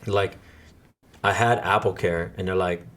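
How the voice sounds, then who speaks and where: A man's voice: low-pitched, fairly even intonation, a little slow, fairly bright tone. A man hosting a podcast, telling a story in a loose, casual way, swearing freely and stopping often to restart. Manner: profane, loose storytelling with many fillers and restarts. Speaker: podcast host and DJ.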